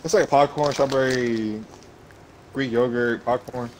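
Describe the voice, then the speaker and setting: A man's voice: medium pitch, steady tone, a little slow, darkish tone. A young man chatting while playing a game, rambling in slangy talk and laughing often. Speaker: gaming guest. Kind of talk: casual gaming chat. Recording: noisy line.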